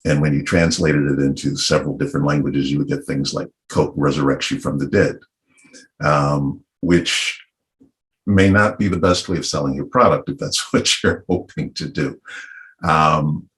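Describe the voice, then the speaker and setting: A middle-aged man from Virginia speaking on a panel discussion in a thoughtful, unhurried and wry way. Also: extremely low pitch, steady tone, a bit bright. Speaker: panel guest.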